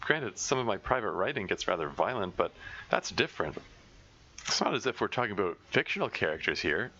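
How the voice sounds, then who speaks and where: A man reading a visual novel aloud as a let's play narrator, in steady first-person narration with small stumbles. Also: fairly low pitch, brisk, dull audio, a little hiss or hum.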